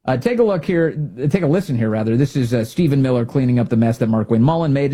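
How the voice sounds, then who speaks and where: A man's voice: fast, hardly any pauses. A man hosting a talk radio show, giving opinionated commentary and mocking others with exaggerated impressions. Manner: animated, mocking, mimics people in exaggerated high voices.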